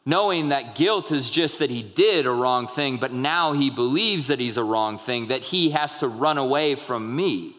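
A young adult man, a pastor, preaching a sermon in a relaxed, conversational storytelling way with asides to the congregation. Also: medium pitch, a little slow, hardly any pauses. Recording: long reverb of a large hall.

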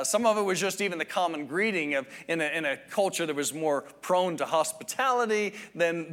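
Man preaching in a measured, reflective way. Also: a little high. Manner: measured, reflective teaching with frequent restarts. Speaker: pastor. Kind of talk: sermon.

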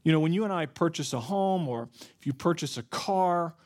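A man's voice: fairly high pitch, lively intonation, normal speed, a little mellow. A man preaching an expository sermon as pastor of a church, earnest and explanatory, with frequent fillers and restarts.

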